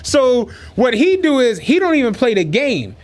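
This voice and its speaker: A man's voice: very high voice, normal speed. A man co-hosting a podcast in casual chat, telling stories with lots of swearing and frequent laughter. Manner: animated storyteller, heavy profanity, laughs through his stories. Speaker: podcast co-host.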